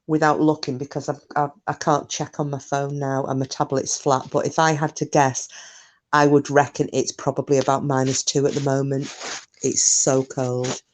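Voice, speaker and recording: A woman's voice: rumbling low, slight background noise. A woman chatting casually on a live stream, rambling through stories, answering comments and swearing mildly.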